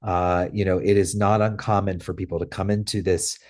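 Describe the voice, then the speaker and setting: A man's voice: sits low, level tone, fairly quick. A man teaching a webinar as a clinical trainer, talking conversationally with many fillers and tag questions. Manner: acts out playful lines in a bright fun voice. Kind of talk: webinar lecture.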